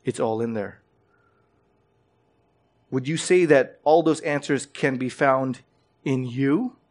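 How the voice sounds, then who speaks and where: Man, pastor, sermon, earnest, mid-pitched, emphatic, repeats words at phrase starts. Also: slow, a little mellow. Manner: earnest preaching with rising emphasis and direct questions to listeners.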